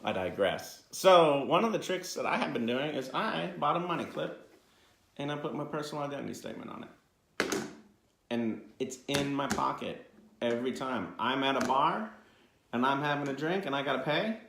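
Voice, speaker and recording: A man's voice: medium pitch, lively intonation, normal speed, creaky, reverberant, background noise. A man co-hosting a podcast, talking earnestly and motivationally with jokes mixed in. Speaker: podcast co-host. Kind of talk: casual conversation.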